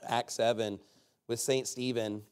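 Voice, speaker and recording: A man's voice: medium pitch, level tone, unhurried, darkish tone, clean tone. A man preaching an informal sermon in a sarcastic, rambling way with joking asides.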